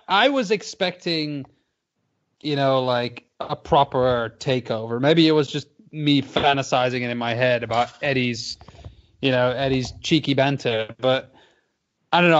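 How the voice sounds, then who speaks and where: A man's voice: medium pitch, lo-fi sound. A man co-hosting a boxing podcast in casual, rambling chat, swearing a lot and laughing often. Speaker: podcast co-host.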